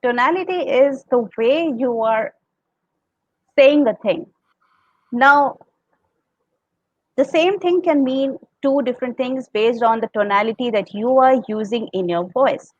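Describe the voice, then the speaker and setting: This woman speaks with an Indian accent and a fairly high pitch, laughing frequently as she explains public speaking advice on a podcast and demonstrates example tones. The recording is muffled but has no echo.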